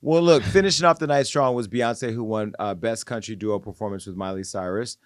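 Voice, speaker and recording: A man hosting a podcast, giving casual, opinionated pop-culture commentary in an animated, gossipy way. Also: lowish voice, a little fast, dry recording, studio quality. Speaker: podcast host.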